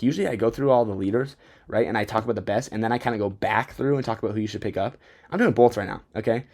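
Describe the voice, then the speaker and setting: A young man hosting a fantasy football podcast, talking in a rambling, excitable way and often stumbling over his words. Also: mid-range voice. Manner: rambling, self-interrupting, excitable. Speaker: podcast host. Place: Bozeman, Montana.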